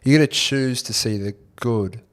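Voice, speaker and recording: A young Australian man co-hosting a podcast, relaxed and easygoing, telling stories in casual chat. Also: medium pitch, normal speed. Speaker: podcast co-host.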